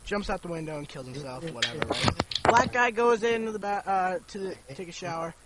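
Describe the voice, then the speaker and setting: An excitable man loudly rambling through a joke as a gameplay commentator. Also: sits high, brisk, very noisy. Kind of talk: casual joke-telling.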